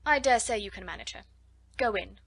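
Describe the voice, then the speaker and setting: Severe headmistress, stately and pompous, loud and deliberate, as a woman reader plays her. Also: mid-range voice, lively intonation, vocal fry.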